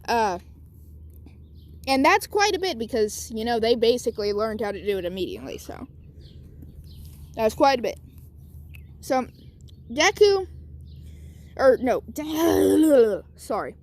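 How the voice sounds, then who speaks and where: A woman's voice: a little high, very animated, measured pace, pauses often, a little mellow. A woman telling her own fan story casually, rambling and correcting herself as she goes.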